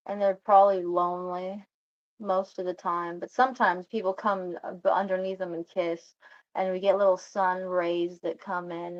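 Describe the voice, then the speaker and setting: A woman's voice: medium pitch, lo-fi sound. A woman telling a personal story in a meandering, self-interrupting way, often laughing and stopping to restart her sentences.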